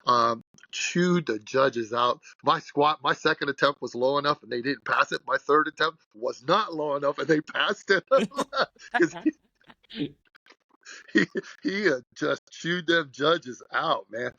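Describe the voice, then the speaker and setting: A man's voice: on the high side, animated, a little slow, pushed and bright, no room sound, lo-fi sound. A man in his sixties, a strength coach being interviewed, telling stories bluntly and with animation. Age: 60s. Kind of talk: podcast interview storytelling.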